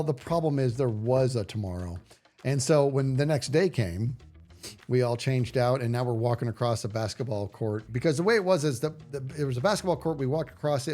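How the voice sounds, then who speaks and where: A man in his forties, a livestream host telling a story in a casual way, animated and rambling, with many restarts. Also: medium pitch.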